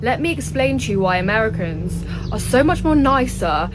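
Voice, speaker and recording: A young Englishwoman in her twenties telling a travel story in an animated way, laughing as she goes. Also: fairly high pitch, moderate pace, over music, rough recording. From England. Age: 20s. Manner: lively, laughing, animated anecdotes. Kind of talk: casual vlog storytelling.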